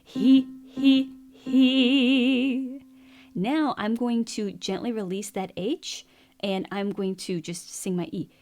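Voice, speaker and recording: A woman vocal coach teaching a singing lesson, explaining vocal technique in a clear, instructive way. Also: medium pitch, measured pace, a little mellow, soft background music. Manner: explains clearly, then demonstrates sung syllables and counts beats.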